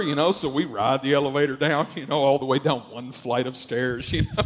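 A man's voice: mid-range voice, a little fast. A man telling a story casually and animatedly, with lots of fillers. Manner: animated, acts out quoted voices, many fillers. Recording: long hall reverb.

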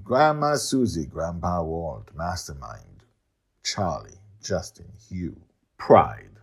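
A man's voice: low-pitched, husky. A man reading his serialized story aloud, breaking off for chatty asides full of uhs. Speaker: storyteller and podcast host.

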